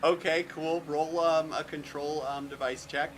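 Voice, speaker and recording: A man's voice: fairly high pitch, fairly even intonation, measured pace, background noise. A man running a tabletop game as game master, stammering and repeating words as he narrates.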